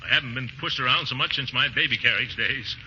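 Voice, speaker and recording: An actor playing a pompous, easily flustered middle-aged uncle, blustering in 1940s radio comedy style, with sudden high whoops. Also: male voice, fast talker, pushed and bright. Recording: scratchy dull 1940s radio broadcast with faint hiss.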